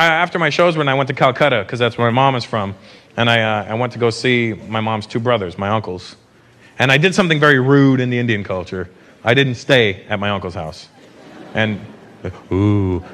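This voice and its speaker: A North American man doing a profane, animated stand-up routine on stage, speaking into a handheld mic. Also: mid-range voice, a little fast. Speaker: stand-up comedian. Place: comedy stage before a live audience. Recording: live show with loud crowd and noise.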